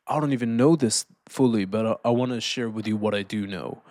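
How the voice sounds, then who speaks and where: A man giving a casual motivational talk, calm and deliberate, slowing down to stress points and often saying "man". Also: lowish voice, dry recording. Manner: calm, deliberate, slows down for emphasis. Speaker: self-improvement speaker.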